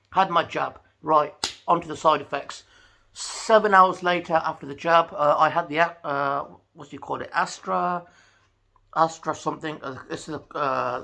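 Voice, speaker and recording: Male vlogger, gravelly and forceful tone, slightly high pitch, chatty storyteller. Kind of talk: casual talking-to-camera vlog.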